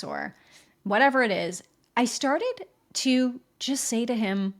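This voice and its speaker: A woman hosts her own podcast from home in a rainy city, speaking candidly to her listeners and checking in with them often. Her voice is fairly high and sing-song, a little slow and creaky, with a slightly bright quality.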